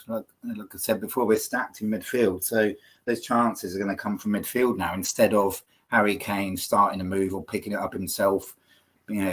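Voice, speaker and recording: A man's voice: lowish voice, a bit bright, breathy edge. A man hosting a casual football podcast, talking in a rambling, earnest way with lots of fillers. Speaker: podcast host.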